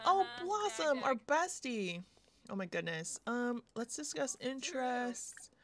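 A woman's voice: a little high, animated, takes it slowly, slight background noise. A young woman giving casual, chatty commentary on her own game play, often laughing and gasping as she goes. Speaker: gaming youtuber.

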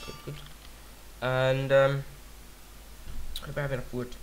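A man's voice: mid-range voice, completely flat delivery, measured pace, slight background noise. A man giving casual let's-play commentary on his own game, rambling and silly, talking to himself and singing nonsense syllables. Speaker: gaming YouTuber.

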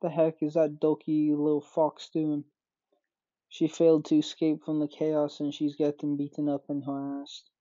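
A gaming YouTuber reading out game dialogue for many characters in quick succession, sometimes exclaiming. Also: mid-range voice, monotone, dark tone, no echo, muffled recording. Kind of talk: game playthrough with read-aloud dialogue.

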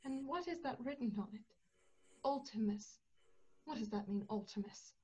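A woman's voice: fairly high pitch, moderate pace, a little mellow, husky. An actress playing an anxious young woman who runs a household, speaking in a worried, pleading way.

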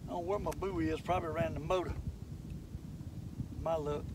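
An older man, hosting a fishing vlog from a boat, talking to viewers in a folksy, excitable way. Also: a little high, brisk. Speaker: fishing channel host. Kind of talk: casual fishing vlog narration. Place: outdoors on a boat on a lake. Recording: outdoor boat noise, mic at a distance.

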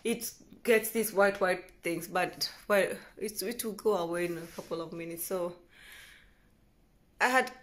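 A woman from Kenya chatting casually to the camera at home in a vlog, rambling and correcting herself, often trailing off softly. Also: on the high side. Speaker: vlogger. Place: at home indoors.

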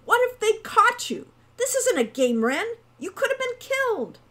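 A woman's voice: fairly high pitch, animated, moderate pace, lightly acted. A woman voicing a hot-tempered young man, a protective older brother who scolds in exasperation. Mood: angry.

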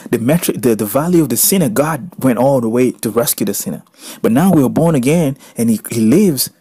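A male pastor preaching a sermon and reading scripture, swinging between soft reading and loud emphatic exclaiming. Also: medium pitch, animated, a little fast, breathy edge, dry recording, clean studio sound.

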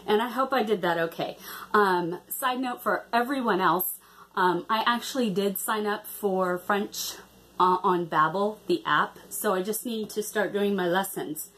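A woman's voice: mid-range voice, measured pace, a bit bright. A woman chatting casually in a craft vlog, hesitant with many ums and restarts. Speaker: cross-stitch vlogger.

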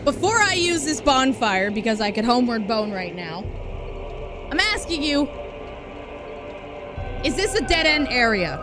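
A high-voiced woman livestreaming a game, chatty and expressive as she talks to her viewers. She swings between gushing and grumbling, and game music plays clearly behind her. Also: a little slow, long pauses. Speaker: streamer. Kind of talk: live game streaming commentary.

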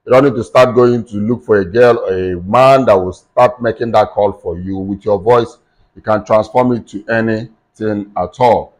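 A man hosting a screen-recorded software tutorial, explaining steps in plain instructive talk with frequent fillers like "okay" and "um". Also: lowish voice, normal speed, rough recording. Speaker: tech tutorial host.

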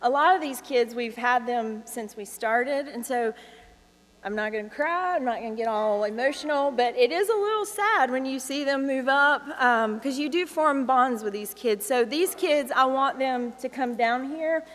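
A woman's voice: high voice, moderate pace, fairly bright tone. A woman, a children's ministry teacher speaking casually and affectionately to a church congregation, with filler words. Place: church sanctuary. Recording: reverberant church hall with congregation.

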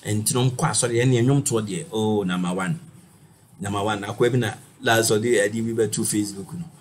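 Lively man lecturing. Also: fairly low pitch, a little fast, slight background noise. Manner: lively, addresses students directly, repeats words. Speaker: university lecturer. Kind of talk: recorded lecture.

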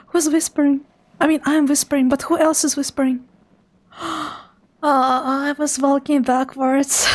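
A woman's voice: sits high, flat delivery, measured pace. A woman streamer giving live commentary on a horror game, talking to her chat and dropping to a whisper when she gets scared.

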